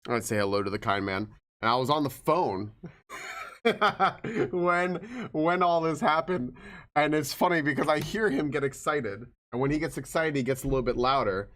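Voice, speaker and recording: A man's voice: on the high side, moderate pace, fairly bright tone. A man streaming live, chatting casually and greeting viewers by name, with frequent swearing. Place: home streaming room.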